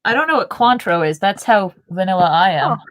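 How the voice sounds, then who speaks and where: A woman's voice: mid-range voice, lively intonation, a little fast, a bit bright, a little hiss or hum. A woman co-hosting a podcast, chatting playfully and laughing easily. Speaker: podcast co-host. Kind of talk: casual chat.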